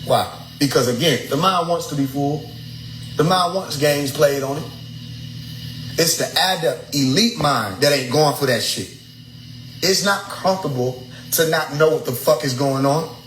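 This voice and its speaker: Young man, slightly high voice, animated and preachy storyteller who swears freely, echoey room with faint noise. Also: normal speed. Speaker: speaker addressing his followers. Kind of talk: casual storytelling lecture.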